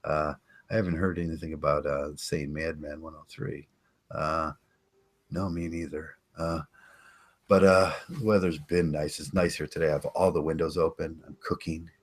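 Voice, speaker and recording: An older man hosting a casual podcast, rambling and chatting with listeners, halting with many fillers and restarts. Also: very deep voice, fairly even intonation. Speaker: podcast host. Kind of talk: casual live-stream chat.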